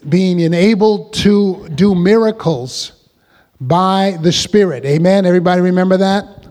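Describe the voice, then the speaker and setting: A man preaches to his congregation with a high voice, regularly pausing to draw them into call-and-response. His words ring out with a long reverb around the church hall. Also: a little mellow. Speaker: pastor. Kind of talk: sermon.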